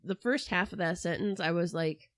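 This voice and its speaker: Dry, animated woman podcaster. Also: lowish voice, normal speed, dry recording. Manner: animated, mocking asides. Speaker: podcast co-host. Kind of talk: casual true-crime chat.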